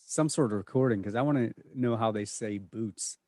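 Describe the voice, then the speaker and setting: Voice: medium pitch, normal speed, a little mellow, no echo, studio quality. A podcast co-host in casual chat, joking and teasing through the banter.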